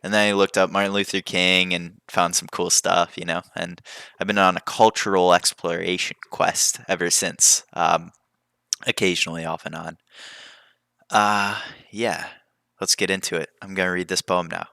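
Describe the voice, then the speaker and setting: A man's voice: deep voice, level tone, normal speed, creaky, bright, forceful tone, no echo, studio quality. A young man hosting a podcast, talking casually and drifting into tangents. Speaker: podcast host. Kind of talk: casual rambling monologue.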